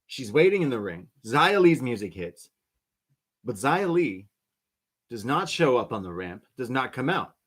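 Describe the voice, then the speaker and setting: A man co-hosting a podcast, telling wrestling stories in a lively, laughing way. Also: mid-range voice, measured pace. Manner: animated storyteller, laughs often. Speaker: podcast co-host. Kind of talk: casual wrestling recap chat.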